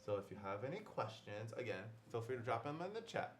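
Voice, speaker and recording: Young guy hosting a game stream, chatty and upbeat, lots of ums, mid pitched. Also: big pitch swings, fast talker, slight background noise. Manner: chatty and upbeat, with fillers and laughs. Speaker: livestream host. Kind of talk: casual livestream unboxing chat.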